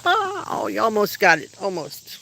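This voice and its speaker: A dog owner chatting casually on a livestream from an outdoor backyard, rambling and now and then shouting to call the dogs. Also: mid-range voice, huge pitch swings, normal speed, vocal fry, slight background noise, low-quality recording.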